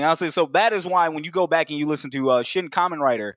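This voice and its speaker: A man's voice: on the high side, fast talker, hardly any pauses, no echo, studio quality. A man co-hosting a podcast in casual chat, telling stories with heavy swearing and acted-out quotes. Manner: profane, animated storytelling with acted-out quotes. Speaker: podcast co-host.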